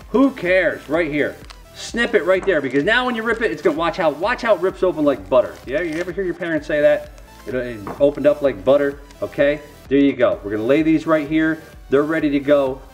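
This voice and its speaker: Middle-aged man, rambling and self-mocking, slightly high voice, faint music behind. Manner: rambling, self-mocking, folksy asides to viewers. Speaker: dad opening trading card packs on camera. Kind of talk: casual chat to camera.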